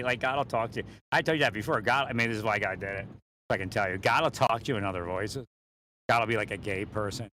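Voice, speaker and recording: This vlogger has a fairly low, sharp-toned voice, with a bit of hiss or hum in the audio. He rambles from inside a moving car, laughing between thoughts and at times leaning back from the mounted mic.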